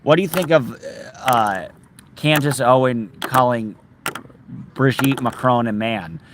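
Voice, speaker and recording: A man's voice: mid-range voice, slow pace, noisy background. A man hosting a casual outdoor livestream, chatting with viewers and reading their comments, playful and given to singing snatches of songs. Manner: playful, sings snatches of songs, reads viewer names aloud. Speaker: livestream host. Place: outdoors in a park.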